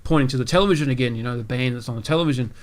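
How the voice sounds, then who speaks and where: A man's voice: medium pitch, racing. A man hosting a gaming podcast, telling a long joke in a rambling, casual way with many asides. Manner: rambling, lots of fillers and asides. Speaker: podcast host.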